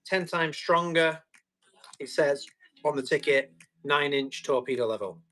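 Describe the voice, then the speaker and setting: A man with a slightly high-pitched voice hosts a live tool auction. He talks in a chatty, jokey salesman patter, reading out bids and bantering with viewers. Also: unhurried, sharp tone.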